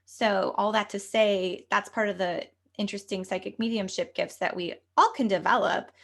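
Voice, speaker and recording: A young adult woman speaks as a guest on a talk podcast, earnest and rambling, with many fillers. Her voice sits at an everyday middle pitch, and the talk flows on without stopping. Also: steady tone, moderate pace, creaky, a bit bright. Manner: earnest, flowing, filler-heavy speech. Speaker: guest, medium and coach. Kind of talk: casual interview talk.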